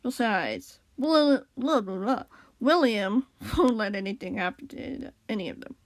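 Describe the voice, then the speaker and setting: A woman does an eager young boy, upbeat and bright in a light voice. The read is close and dry. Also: a little high, animated, a little slow, no room sound. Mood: breezy.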